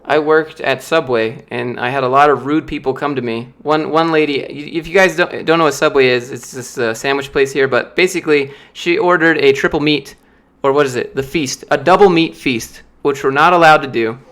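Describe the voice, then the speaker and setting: A man's voice: mid-range voice, fairly quick, few pauses, a bit bright. A man talks loosely and casually while answering viewer questions on a stream. He tells his stories with a lot of fillers, in a mid-range voice. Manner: loose anecdotal storytelling, many fillers. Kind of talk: casual live-stream chat.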